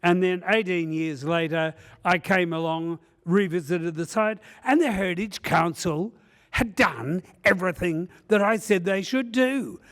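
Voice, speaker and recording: High-pitched and fairly bright, this man's voice is unhurried as he presents in a conference session room. His talk is a funny, meandering story full of "uh" fillers.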